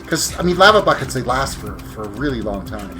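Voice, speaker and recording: A man's voice: medium pitch, very animated, fairly quick, over loud music. A tired man streaming a video game live, chatting casually with viewers, rambling and correcting himself as he plays. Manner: rambling, self-correcting, talks while playing. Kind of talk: casual gameplay commentary.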